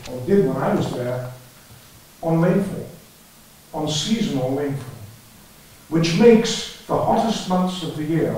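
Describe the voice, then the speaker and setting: A man's voice: on the high side, mellow, distant mic. Older man lecturing in an echoey hall. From England. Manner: dry wry humour, storytelling. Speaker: archaeology lecturer. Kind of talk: conference lecture with slides. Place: conference hall. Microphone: lectern or headset mic, battery trouble.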